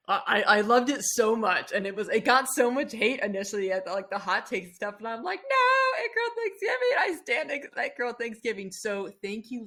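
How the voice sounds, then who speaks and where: A woman's voice: mid-range voice, a bit bright. A woman chatting on a podcast, gushing and rambling with frequent restarts. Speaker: podcast guest. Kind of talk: casual podcast chat.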